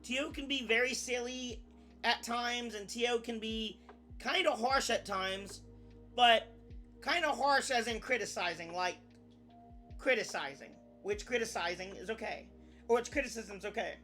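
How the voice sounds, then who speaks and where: Over faint background music, a young adult VTuber rambles through a casual live-stream chat, frequently restarting sentences and swearing now and then. The voice is mid-range with a sharp tone and a normal speed.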